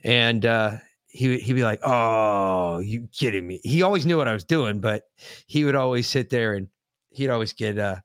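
A grieving man co-hosts a podcast in casual talk, his speech halting, emotional and full of profanity and restarts. His voice sits at an ordinary middle pitch. It is recorded close and dry, with no room sound. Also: dry recording. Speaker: podcast co-host.

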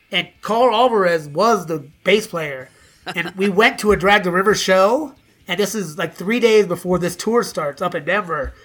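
Brief: middle-aged man, high bright voice, swears freely, animated raconteur acting out quotes. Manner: profane, animated, acts out quoted dialogue. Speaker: guest musician. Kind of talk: casual storytelling interview.

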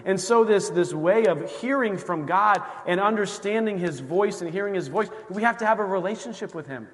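A male pastor preaching a sermon, telling a story and acting out the dialogue with lively energy. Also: high voice, brisk, few pauses. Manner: animated storytelling, acts out dialogue. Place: church sanctuary. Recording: church hall reverb.

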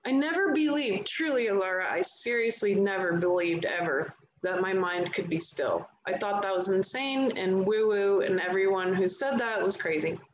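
A woman's voice: mid-range voice, moderate pace, few pauses, dull audio. A woman speaking as a guest in a live conversation, telling her story in an earnest, emphatic way. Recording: echoey room, faint background noise.

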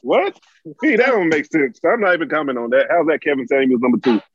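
Man with a high-ish, emphatic voice. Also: expressive, fast, slight background noise. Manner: emphatic, argumentative, stumbles over repeated openings. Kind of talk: heated casual debate. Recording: dry, dull lo-fi sound.

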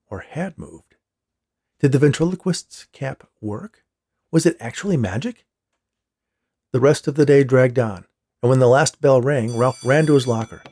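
A man reading a story aloud with a steady storytelling delivery. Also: medium pitch, creaky, slightly rough. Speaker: story reader. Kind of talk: audiobook narration.

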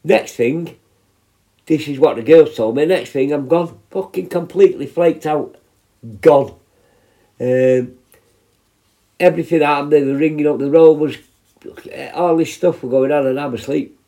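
A man in his fifties, employed in prison healthcare, tells casual stories in a fairly high, mellow voice at a measured pace, pausing often. He rambles, swears and keeps restarting.

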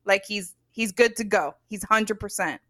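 A woman's voice: mid-range voice, moderate pace, a bit bright. A woman co-hosting a podcast, animatedly retelling a story in casual chat, with lots of "like" and a dramatic flair. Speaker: podcast co-host.

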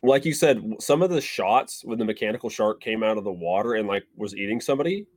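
Rambling man with a lively voice. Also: on the low side, fast, no room sound. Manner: rambling, lots of "like" fillers. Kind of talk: casual movie review chat.

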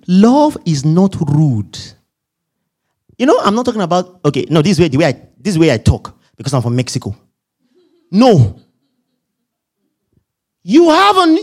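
High, animated preaching man. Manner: animated, humorous preaching to a congregation. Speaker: pastor. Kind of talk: sermon.

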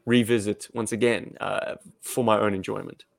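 A man with a gravelly voice chats as a podcast co-host, wry and curious. His sound is close and dry, with no room around it. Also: lowish voice, steady tone, normal speed, no room sound. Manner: wry, inquisitive, asks the group questions. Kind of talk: casual chat.

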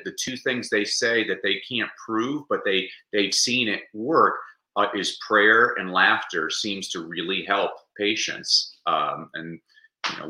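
A man chatting in an interview, animated and jokey, laughing often. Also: on the low side, roomy sound, poor audio. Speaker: interview guest. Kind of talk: casual interview chat.

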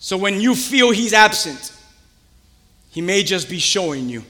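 Man, pastor, sermon, conversational, crowd questions, bright tone, long hall reverb. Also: high voice, a little slow, pauses often. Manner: animated, conversational preaching with call-and-response questions. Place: church.

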